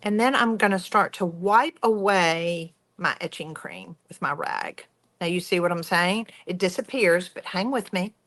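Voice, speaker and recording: A woman's voice: lowish voice, a little slow, a bit bright. A woman hosting a craft tutorial, chatty and enthusiastic as she talks viewers through each step. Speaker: craft workshop host.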